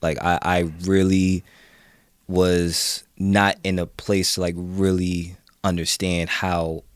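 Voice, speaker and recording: A man who is a podcast guest in casual chat, reflective and heartfelt, pausing often with fillers. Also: low voice, flat delivery, clean tone, no room sound, studio quality.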